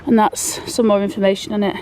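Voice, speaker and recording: A woman's voice: mid-range voice, flat delivery, brisk, darkish tone, a little hiss or hum. A woman, chatting in a rambling, down-to-earth way and out of breath as she walks outdoors with a handheld phone. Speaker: vlogger. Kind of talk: casual walk-and-talk vlog. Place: outdoors, walking through town.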